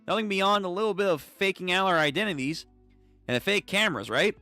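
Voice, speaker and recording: A young man hosting a live comic read-through, reading all the parts in an animated, casual voice that swears freely. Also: high voice, fairly quick, no room sound, faint music behind. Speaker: streamer reading manga.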